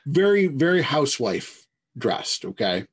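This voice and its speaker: A man narrating as game master of a tabletop game, hedging his descriptions as the scene unfolds. His voice is husky and slow. His pitch swings widely while he tells the story. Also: very animated. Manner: drawn-out storytelling with many hedges.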